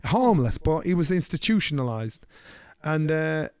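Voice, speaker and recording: Middle-aged man, podcast co-host, fairly high voice on a dry close mic, animated storyteller who does the voices. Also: moderate pace, clean tone, no room sound. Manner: animated storyteller, slips into voices of people he quotes. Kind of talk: casual storytelling chat.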